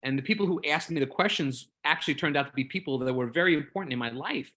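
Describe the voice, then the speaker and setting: A man's voice: fairly high pitch, fast, pushed and bright. A man in a casual group discussion, telling a story in a rambling, earnest, openly emotional way, often repeating words while he searches for them. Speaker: Jedi community member.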